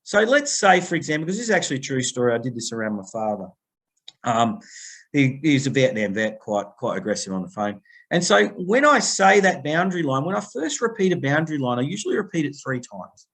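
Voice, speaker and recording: A man's voice: medium pitch, fairly quick. A middle-aged Australian man talking as a podcast guest, telling stories with energy and acting out the other voices in them. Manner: animated storytelling, acting out phone quotes. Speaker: guest, people-pleasing coach. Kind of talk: conversational podcast interview.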